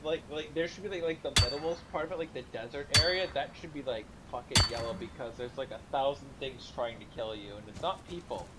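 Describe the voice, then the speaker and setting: A man co-hosting a casual chat while gaming, rambling and excitable, cursing freely. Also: mid-range voice, brisk, hardly any pauses, heavy background noise. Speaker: podcast co-host.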